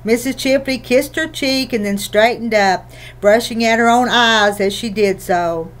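A woman narrating a children's novel in a gentle, even storytelling manner. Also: on the high side, unhurried. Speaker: audiobook reader.

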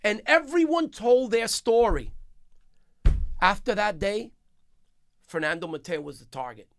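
A man's voice: high voice, animated, measured pace, creaky. A man, a business owner, giving an impassioned, emphatic interview into a studio microphone. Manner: emphatic, grows heated and forceful. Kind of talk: impassioned radio interview talk. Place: radio studio. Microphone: studio mic.

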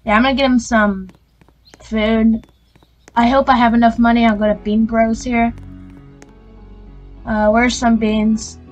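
Relaxed, slow-talking woman playing a game. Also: on the high side, soft background music, poor audio. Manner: relaxed, reading game text aloud. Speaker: gaming channel host. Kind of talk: casual gameplay commentary.

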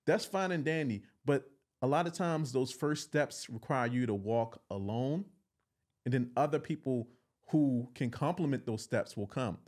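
A man who is a guest on a podcast, talking in casual chat in a playful, joking, animated way. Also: medium pitch, a little slow.

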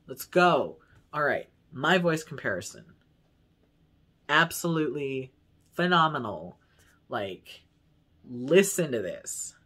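A man's voice: medium pitch, very animated, slow, pauses often, sharp tone, husky. Candid, rambling man vlogging casually. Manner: candid, swears freely, rambles with many likes; laughs easily at himself. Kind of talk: casual vlog talk to camera.

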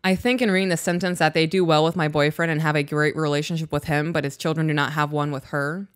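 A podcast co-host with a deep voice talks quickly and flatly in a clean studio recording with a clear tone and no echo. Co-hosting a relationship show, she reads listener emails and speaks candidly about parenting. She comes across as self-reflective and agreeable, dropping in plenty of backchannels.

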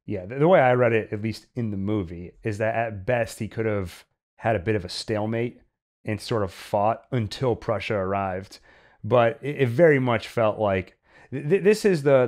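Male podcast co-host, lower voice, thoughtful film talk with restarts. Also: darkish tone. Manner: reflective, stammers on restarts. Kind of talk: casual film discussion.

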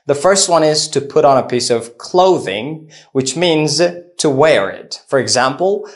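A man teaching an English phrasal verb lesson, reading out explanations and lists of example sentences slowly and deliberately. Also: on the high side, animated. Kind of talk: scripted lesson narration.

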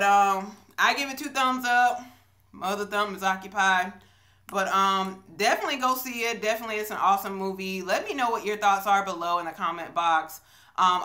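Bright-voiced woman vlogging a movie review. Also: medium pitch. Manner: chatty, storytelling, many fillers. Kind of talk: casual movie review vlog. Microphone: phone on a selfie stick.

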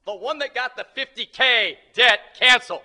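A man's voice: very high voice, moderate pace. A male preacher giving a sermon who retells a scripture story and calls out for amens from the congregation. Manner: animated, emphatic, calls for amens.

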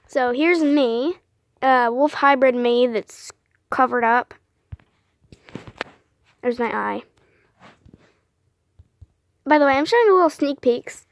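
A young woman vlogging casually, rambling and apologizing a lot between lots of fillers, with excitable bursts. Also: sits high, normal speed, long pauses, no room sound.

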